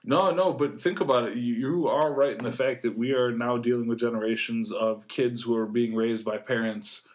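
A young man chatting on a podcast, explaining his views at length in a relaxed, talkative way. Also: medium pitch, normal speed, hardly any pauses. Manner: talkative, explains at length with fillers like "you know what I mean". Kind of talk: casual chat.

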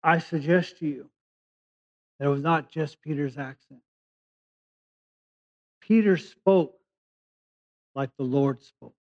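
A man from California preaches a conversational sermon, reading verses and then unpacking them in plain words. His voice sits a little high, and he leans on key words as he goes. The recording is dull and lo-fi. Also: slow pace, long pauses. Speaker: pastor. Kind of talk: sermon, Bible teaching.

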